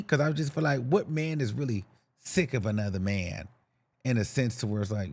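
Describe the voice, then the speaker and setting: A man's voice: mid-range voice, moderate pace. A young man hosting a podcast, giving sassy, campy celebrity gossip commentary to himself. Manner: animated, sassy, campy slang, talks to himself. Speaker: podcast host.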